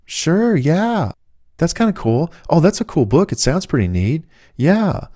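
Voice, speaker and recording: Eager young woman, high and gushing, put on by a man. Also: big pitch swings, unhurried, warm tone. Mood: impressed.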